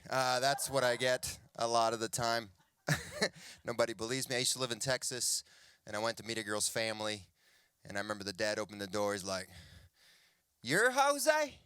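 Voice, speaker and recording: A man's voice: mid-range voice, bright, forceful tone, clean tone, dry recording, clean studio sound. A middle-aged man born in Cuba, performing a stand-up comedy set and acting out other people's voices.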